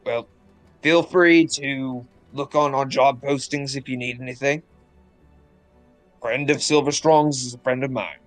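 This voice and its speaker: A man's voice: mid-range voice, unhurried, fairly bright tone, faint music behind, close to an everyday voice. Man voicing a bear-headed robot guild master. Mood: welcoming. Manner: formal, politely menacing. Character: huge gruff male robot guild master with a bear head. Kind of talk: voicing a character in a tabletop game.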